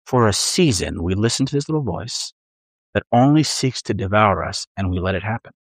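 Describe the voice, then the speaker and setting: A middle-aged man preaching a sermon in a conversational, animated way, acting out inner voices. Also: on the low side, moderate pace, dry recording, studio quality. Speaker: pastor.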